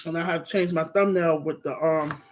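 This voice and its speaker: A woman chatting casually on a live stream, shifting between bright greetings and quiet murmurs. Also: sits low, fairly even intonation, brisk, soft background music.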